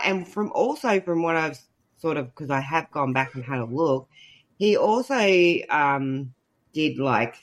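Hesitant man. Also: medium pitch. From Australia. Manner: hesitant, full of restarts and fillers. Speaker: podcast co-host. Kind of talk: casual chat.

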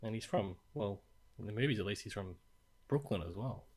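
A man's voice: fairly low pitch, lively intonation, a little fast, breathy edge. Playful male podcast host. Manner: playful, quizzing, laughs often. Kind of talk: casual chat.

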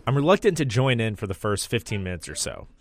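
A man's voice: fairly low pitch, very animated, fast. A man hosting a radio segment, narrating in a scripted, wry, self-deprecating way.

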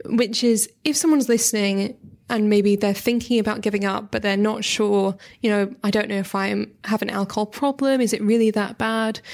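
A woman hosting a podcast, asking her guest questions in a gentle, measured way. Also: medium pitch. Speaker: podcast host. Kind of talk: interview questions.

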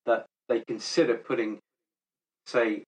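A man co-hosting a veterinary podcast in casual chat, measured as he proposes ideas. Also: mid-range voice, little pitch movement, rough recording.

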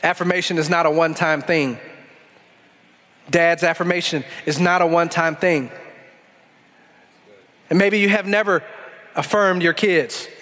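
A man preaching a sermon as pastor, stretching key phrases slowly, then pressing ahead in quick bursts. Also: a little high, fairly even intonation, fairly bright tone. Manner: preaching with dramatic slow-downs and bursts. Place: church sanctuary. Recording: long hall reverb.

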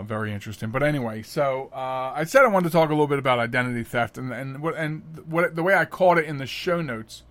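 A middle-aged man hosting a podcast, telling stories casually, chatty and animated, often laughing. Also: mid-range voice. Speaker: podcast host. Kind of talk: casual storytelling monologue.

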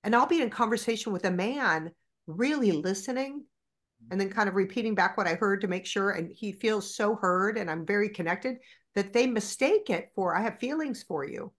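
Candid, animated and profane, a woman in her forties tells stories as a guest on a podcast. She talks at a moderate pace in a mid-range voice.

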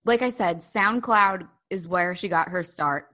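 A woman co-hosts a casual podcast, chatting in an animated, gossipy way. Her voice sits somewhat low, and she scatters "like" through her sentences. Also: unhurried. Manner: chatty, animated, frequent "like" fillers. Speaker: podcast co-host. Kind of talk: casual chat.

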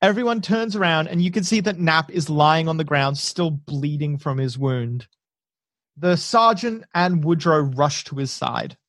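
A man's voice: a little high, a little slow, dry recording. A man narrating a tabletop war game as game master. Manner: steady descriptive narration.

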